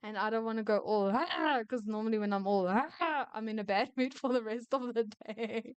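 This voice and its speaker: Smooth-voiced woman reading and ranting. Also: a little high, little pitch movement, a little mellow, dry recording. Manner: opinionated, chatty, quick to rant. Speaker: storyteller reading retail stories. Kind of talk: casual story reading with commentary.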